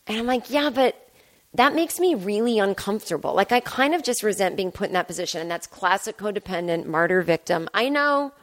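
A woman's voice: mid-range voice, lively intonation, a little fast, hardly any pauses. A woman hosting her own podcast, telling a comic story in a self-deprecating way and acting out both sides of the conversation. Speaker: podcast host. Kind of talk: solo comedic storytelling. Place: home apartment.

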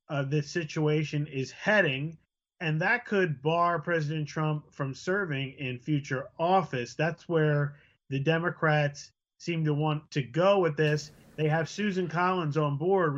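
A man giving a news briefing as senior correspondent, steady and explanatory. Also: a little high, highs cut off.

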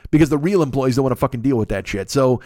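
A man hosting a podcast, telling a long comic anecdote in a casual, profane, animated way into a close mic. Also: medium pitch, rapid-fire, dry recording. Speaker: podcast host. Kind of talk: casual comedic storytelling.

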